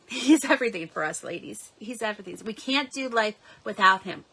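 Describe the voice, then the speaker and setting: A woman's voice: on the high side, bright, forceful tone. A woman in her forties, hosting a live-stream devotional and telling a personal story in an earnest, heartfelt way, recorded at home. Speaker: devotional host.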